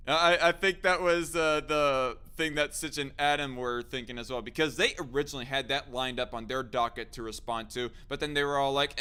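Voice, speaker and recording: A man's voice: medium pitch, fairly even intonation, brisk, few pauses, bright, forceful tone, clean tone. A man hosting a casual live stream, often laughing as he reads chat comments aloud. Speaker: streamer host.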